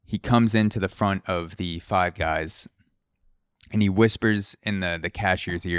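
A man talks through a casual solo podcast in a fairly low, smooth, resonant voice. He rambles, swears freely and drifts into comic tangents. The sound is close and dry, with no room around it. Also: unhurried, no echo. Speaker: podcast host.

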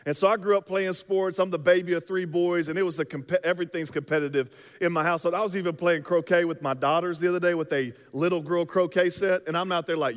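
High-voiced male pastor preaching in a hall. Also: brisk. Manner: casual, conversational preaching with fillers and acted asides. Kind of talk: sermon.

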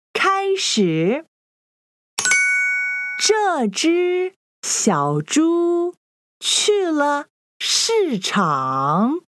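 A woman teaching a children's language lesson, repeating each phrase slowly and clearly in a sing-song way. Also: sits high, dry recording, clean studio sound.

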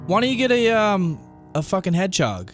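A man's voice: high-pitched, sing-song, brisk, soft background music. A man hosting a podcast, teasing his co-host with profane jokes in casual chat.

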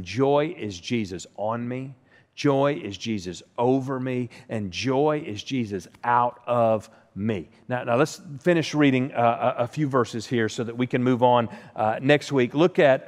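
A man's voice: medium pitch, a little slow, a little mellow. A man preaching a sermon as pastor, often stuttering and repeating words as he starts a line. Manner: stammers and repeats the first sounds of words. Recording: long hall reverb.

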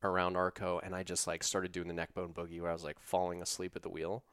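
A man telling a long story in casual conversation, animated and profane, with lots of "like". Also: deep voice, fast talker, clean tone, no echo. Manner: profane, animated, uses "like" a lot. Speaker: storyteller guest.

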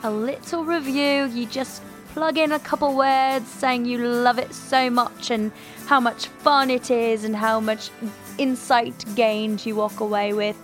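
A woman's voice: a little high, steady tone, unhurried, faint music behind. A woman podcast host in a put-on British accent, giving a rambling, self-mocking intro monologue.

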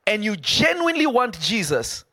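A preacher gives a live sermon in a high, pushed, bright voice with big pitch swings, sounding emphatic yet conversational and frequently breaking off for quick asides to his listeners. The audio is dry and close, with no room sound.

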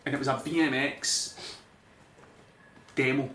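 A Scottish man co-hosting a podcast, telling an animated story and acting out what people said. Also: mid-range voice, a little slow. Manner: animated storyteller, acts out dialogue. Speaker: podcast co-host. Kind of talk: casual chat. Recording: echoey room.

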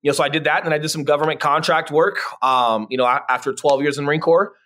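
A man's voice: on the high side, fairly even intonation, quick pace, fairly bright tone. Laid-back man telling stories. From Colorado. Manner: laid-back, says "man" and "dude" a lot, many fillers. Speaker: podcast guest, real estate agent. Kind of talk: casual interview storytelling.

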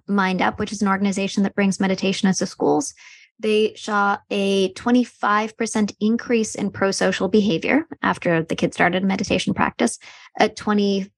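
Woman guest on a podcast, explaining stuff clearly, bit animated, dry close sound. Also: mid-range voice, no echo. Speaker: guest expert on meditation.

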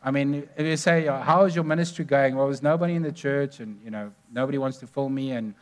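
Earnest preacher. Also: male voice, mid-range voice, steady tone, fast. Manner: earnest storytelling, stressing numbered points. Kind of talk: sermon.

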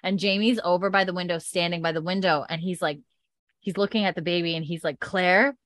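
A woman's voice: on the low side, fairly even intonation, fairly quick, fairly bright tone, dry recording. A woman chatting casually as she recaps a TV episode, animating the characters' lines and swearing freely. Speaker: show recapper.

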